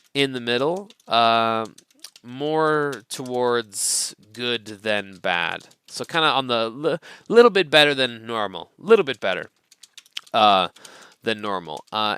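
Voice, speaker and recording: A man's voice: mid-range voice, clear, resonant tone, no room sound. A young man with an American accent giving a casual English lesson, chatty and loose, full of fillers. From North America. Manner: relaxed, chatty, many fillers like um and right. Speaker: English teacher.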